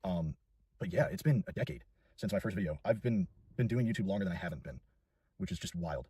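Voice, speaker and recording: Husky nineteen-year-old guy rambling. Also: sits low, animated, quick pace, warm tone, dry recording, distant mic. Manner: rambling, self-deprecating, lots of fillers. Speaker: YouTuber. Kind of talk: casual vlog chat.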